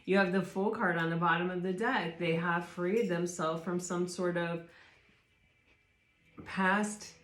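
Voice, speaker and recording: Woman, tarot reader, slightly low voice, loose reflective delivery, room echo. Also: fairly even intonation, measured pace, fairly bright tone. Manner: rambling, reflective, restarts sentences often. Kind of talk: casual spoken tarot reading. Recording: roomy echo.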